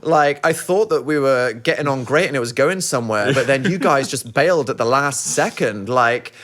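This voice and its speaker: A man's voice: medium pitch, expressive, normal speed, a bit bright. A man co-hosting a podcast, telling a story in a dry, teasing, self-deprecating way. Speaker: podcast co-host. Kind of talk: casual storytelling chat.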